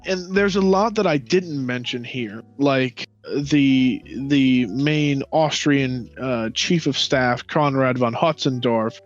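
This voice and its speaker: Speaking slowly in a medium pitch, this podcast co-host riffs on history with plenty of profanity and sarcasm. He performs countries in mocking quoted voices. The sound is lo-fi and dull, with music faintly audible.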